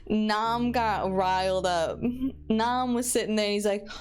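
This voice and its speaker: A young woman streamer with a Michigan accent, talking in an unhurried, rambling way. She chats casually about her own pronunciation, with faint music behind her voice. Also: mid-range voice, clean tone. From Michigan, USA. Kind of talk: casual chat while gaming.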